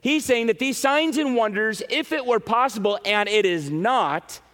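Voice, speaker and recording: A man preaching a sermon to his congregation in an animated way, with frequent "right?" asides. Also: extremely high pitch, moderate pace. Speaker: pastor. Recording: reverberant hall.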